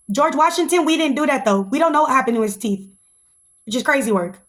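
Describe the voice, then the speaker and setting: Animated, high-voiced woman podcaster. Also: fast talker. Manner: animated and sassy, slips into mocking put-on voices. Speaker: podcast host. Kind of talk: casual opinion monologue.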